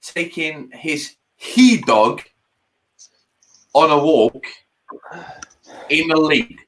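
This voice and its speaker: A man's voice: on the high side, big pitch swings, a bit bright. A man chatting casually and then singing a folk song in dialect to his own guitar, stopping and restarting when he forgets the lyrics. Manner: halting, keeps restarting after forgetting lyrics. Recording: guitar heard behind the voice.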